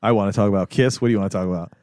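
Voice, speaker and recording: A man's voice: fairly low pitch, very fast, a little mellow, no room sound, studio quality. A man co-hosting a casual podcast chat, laid-back and teasing, swearing now and then. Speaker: podcast co-host. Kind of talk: casual chat among friends.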